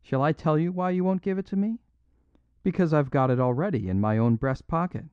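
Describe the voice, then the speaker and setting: A man's voice: fairly high pitch, brisk, clean tone, no echo, voice pushed up, close to an everyday voice. A man reading an audiobook, voicing a bold, mocking male master thief in a dry, dull recording. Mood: gloating. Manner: mocking, boisterous.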